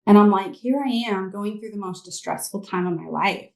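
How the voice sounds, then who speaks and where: Woman guest, candid personal testimony, mid pitch, echoey room. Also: normal speed, creaky. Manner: candid, rambling with fillers. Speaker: interview guest.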